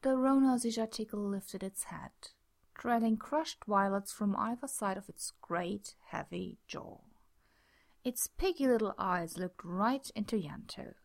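A young woman reads a story aloud, her soft voice sometimes sinking to a near whisper in tense passages. Her tone is mid-pitched with a noticeable gravelly fry. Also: unhurried. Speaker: reader. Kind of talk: reading fan fiction aloud.

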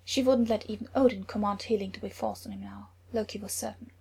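A woman's voice: medium pitch, fairly even intonation, fast, gravelly, dark tone, slight background noise. A woman reading a story aloud, dramatic and often dropping into a whisper. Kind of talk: reading fan fiction aloud.

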